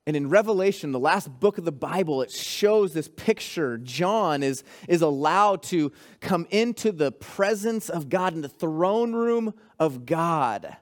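A man's voice: a little high, expressive, unhurried, hardly any pauses. A man preaching a sermon to his congregation as pastor, calling out to the church. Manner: preaching with rising intensity, calls to the congregation.

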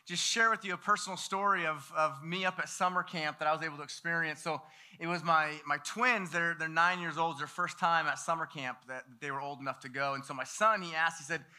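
Bright-voiced, animated male preacher. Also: fairly high pitch, fairly quick. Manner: animated, acts out the voices of people in the story. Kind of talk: sermon storytelling.

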